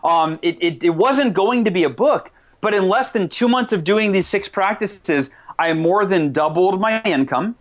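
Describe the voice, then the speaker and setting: A man's voice: high voice, lively intonation. A man being interviewed as an author, talking eagerly and often restarting his sentences. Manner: eager, quick restarts, self-corrections. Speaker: author and guest. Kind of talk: animated interview talk.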